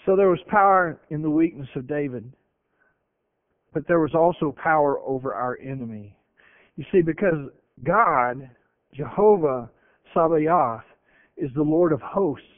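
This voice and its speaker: A man preaching a sermon and retelling scripture with animated voices. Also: fairly high pitch, unhurried, pauses often, no room sound. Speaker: pastor. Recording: tinny phone-like radio broadcast.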